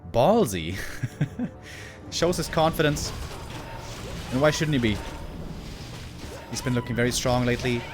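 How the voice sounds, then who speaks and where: A man's voice: mid-range voice, animated, moderate pace, long pauses, over music. A man giving live commentary on a strategy game match, chatty, exclaiming at big plays and drifting into casual asides to viewers. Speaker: esports caster.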